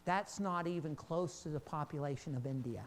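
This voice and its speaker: Animated high-voiced man preaching a sermon. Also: normal speed, slight background noise. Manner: animated, repeats and restarts, laughs between points, swings from loud to quiet.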